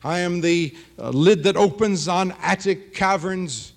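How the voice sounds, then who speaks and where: A man voicing the last dead man in the world, declaiming a grand defiant list of dark things. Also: high-pitched, measured pace, vocal fry.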